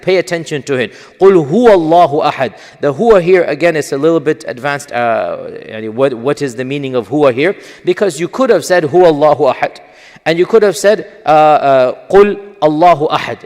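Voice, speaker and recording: A man giving an explanatory lecture on Quran commentary, stressing Arabic terms with a lifted voice. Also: on the high side. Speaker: Islamic scholar lecturing. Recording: long hall reverb.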